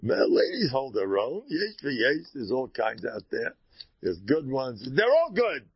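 A man giving an informal Torah talk as a rabbi, animated, moving between soft asides and loud exclamations. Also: mid-range voice, a little slow, slightly rough, dry recording, highs cut off.

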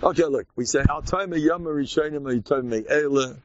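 A man with an American accent, a rabbi giving an informal, animated Purim talk full of stories and sudden shouts. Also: on the high side, a little fast, no echo, highs cut off.

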